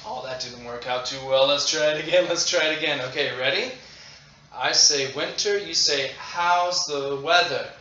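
A man teaching English to children in a demo lesson, speaking slowly and deliberately and repeating phrases for learners. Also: fairly high pitch, sharp tone. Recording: roomy, dull lo-fi audio with faint noise.

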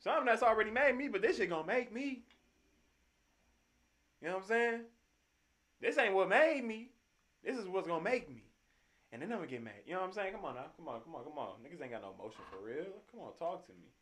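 A young man with a slightly high-pitched voice talks through a music reaction, worn out after a shift at work. His speech is loose and slangy, full of swearing and enthusiastic hype for the tracks he plays. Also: sing-song, fast, a bit bright. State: tired after work, yawning. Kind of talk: casual reaction commentary.

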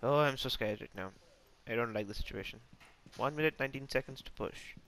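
Hosting a gaming channel, a man narrates his play live, excitable and poking fun at himself as he talks to teammates and enemies. His voice is mid-range and a little fast.

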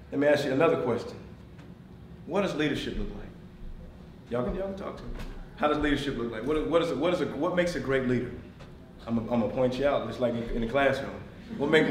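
A man giving a motivational talk to a room of managers, swinging from shouts to near-whispers, laughing often and calling on the audience. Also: mid-range voice, roomy sound, distant mic, a little hiss or hum. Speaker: motivational speaker. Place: meeting room.

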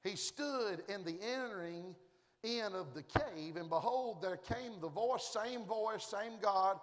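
A man preaching a fiery, folksy sermon that swings between shouts and hushed tones. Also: high voice, animated, slow pace. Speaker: guest preacher. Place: large church auditorium at a conference. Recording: long reverb of a large hall.

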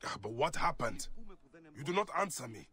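A man's voice: medium pitch, very animated, moderate pace, bright, forceful tone, big-room sound. An actor playing a guarded, blunt male warrior hero in a video game. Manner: blunt, questioning.

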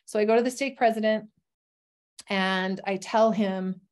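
A woman guest shares her own life story as personal testimony, her mid-range voice steady and measured in pace. She speaks candidly and earnestly, with frequent ums and restarts.

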